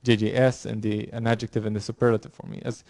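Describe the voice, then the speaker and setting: Halting male university lecturer. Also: lowish voice, flat delivery, darkish tone, no echo, clean studio sound. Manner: halting, many fillers and restarts. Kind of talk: classroom lecture. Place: lecture room.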